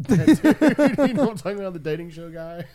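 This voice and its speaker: A man's voice: high voice, big pitch swings, normal speed, crowd noise. A man in a casual chat, teasing a friend.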